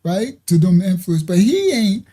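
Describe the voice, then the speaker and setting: A man with a high, dark-toned, sing-song voice hosts a ministry livestream, speaking a little slowly. He teaches casually, answers viewer comments, and tells loose stories, laughing often and frequently saying "right?".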